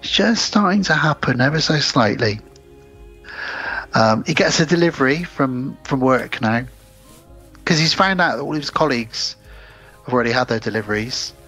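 A man's voice: mid-range voice, animated, moderate pace, pauses often, a bit bright, husky, faint music behind. A man co-hosting a podcast, retelling film scenes in casual chat and acting out the characters' lines. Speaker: podcast co-host.

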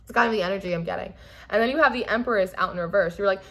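Woman, young adult, tarot reader, casual rambling talk, animated, lots of "like". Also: medium pitch, racing. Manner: chatty, rambling, animated with frequent "like". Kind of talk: casual tarot reading monologue.

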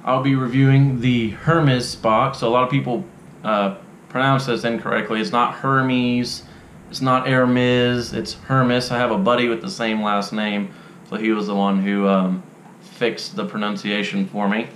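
A young man giving a casual unboxing review, relaxed and drawling with frequent ums. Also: on the low side, moderate pace, reverberant, a little hiss or hum. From Texas. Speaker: unboxing vlogger. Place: dim indoor room.

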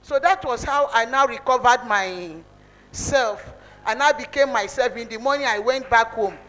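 High-voiced woman giving church testimony. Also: a little slow, a bit bright, rough recording. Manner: earnest, repetitive, emotional storytelling.

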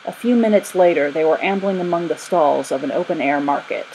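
A woman narrating a children's story in an expressive reading. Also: low-pitched, brisk, a little hiss or hum, rough recording.

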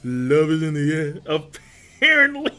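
A young man hosting a live manga reaction, reading panels aloud and reacting with crude jokes and loud exclamations. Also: a little high, sing-song, unhurried.

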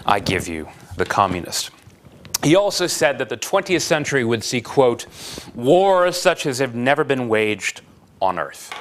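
A man lecturing to a university class, his pitch rising and falling in a lively, animated way. He poses wry questions to his students and reads a philosophical passage aloud with dramatic flair. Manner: lively, dramatic reading of quotes.

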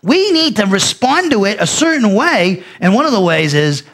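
A male pastor teaching a Bible lesson, speaking emphatically with frequent restarts and sudden loud peaks. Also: sits high, sing-song, normal speed.

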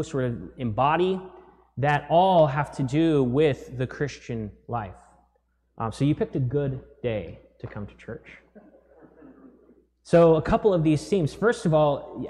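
A rector delivers his sermon in a relaxed, conversational way, pausing now and then with small fillers. His voice sits in a middle register. The sound rings with the long reverb of a church. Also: medium pitch. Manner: conversational, measured preaching with fillers. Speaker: rector preaching.

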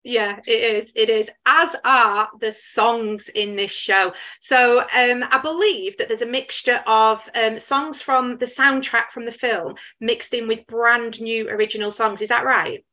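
A woman's voice: fairly high pitch, fairly even intonation, unhurried, hardly any pauses, bright, forceful tone. A woman interviewing a guest, asking friendly questions with many fillers and restarts.

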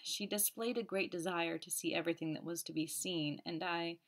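A woman's voice: lowish voice, fairly even intonation, a little fast, close to an everyday voice. A woman voicing a flustered male army captain who speaks meekly and apologetically. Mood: sheepish. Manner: meek, apologetic.

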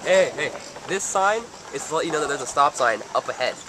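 A man's voice: fairly high pitch, expressive, fairly quick. A young man co-hosting a casual vlog outdoors, teasing and sarcastic and swearing freely, recorded on a handheld camera. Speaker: vlog co-host. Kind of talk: casual goofing-around vlog. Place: outdoors on a walk. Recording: loud outdoor noise on camera audio.

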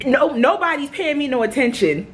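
A young woman chatting casually on her vlog, talking fast and heated, swearing freely as she vents. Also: high voice. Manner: animated, exasperated, swears freely. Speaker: vlogger. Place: hotel room at night.

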